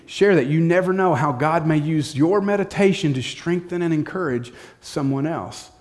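A man's voice: on the high side, expressive, normal speed, hardly any pauses, a little mellow. A male pastor preaching a sermon in a direct, practical way, repeating short commands.

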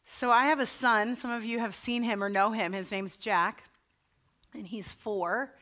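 A woman pastor delivers a sermon in a relaxed, chatty manner, her voice sitting on the higher side. She moves easily between storytelling and scripture, with self-deprecating asides. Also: measured pace.

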